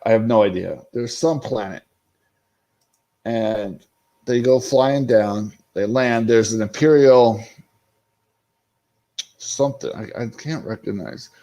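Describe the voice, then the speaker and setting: A man's voice: mid-range voice, warm tone, lo-fi sound. A man hosting a casual livestream recap, rambling and swearing freely as he talks to his chat. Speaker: livestream host recapping a show episode. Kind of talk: casual unscripted live-stream chat.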